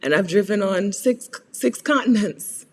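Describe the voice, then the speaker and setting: Chatty American woman, lively voice. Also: medium pitch, measured pace, long reverb tail. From United States. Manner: chatty, laughs often, greets viewers by name. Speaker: host answering viewer questions. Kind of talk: live Q&A chat.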